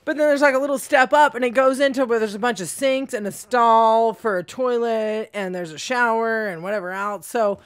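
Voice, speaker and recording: A woman's voice: fairly high pitch, normal speed, few pauses, clean tone. A woman stand-up comedian telling a story as a podcast guest, in a blunt, profane way. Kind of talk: casual storytelling.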